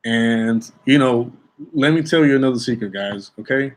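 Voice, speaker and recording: A man's voice: mid-range voice, normal speed. A young man, an airport security officer, telling a work story to his viewers in a chatty way, often checking in with "okay?" and restarting his sentences. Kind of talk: casual storytelling vlog.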